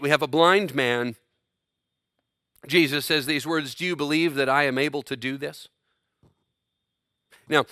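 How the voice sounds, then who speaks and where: Male preacher, bright and forceful tone, dry close sound, dynamic sermon delivery with big swings in volume. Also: mid-range voice, no echo. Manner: dynamic delivery, swinging from loud emphasis to quiet.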